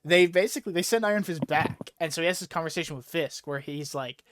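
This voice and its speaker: Fast and fairly high-pitched, a young podcast host animatedly recaps a comic book story, casually voicing the characters' lines with plenty of energy. The recording is dry.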